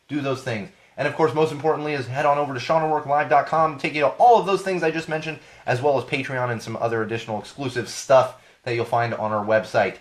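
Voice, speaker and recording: A man in his thirties with a hoarse voice from a cold, hosting a podcast in a casual rambling monologue that repeats phrases for emphasis. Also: on the high side. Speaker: podcast host.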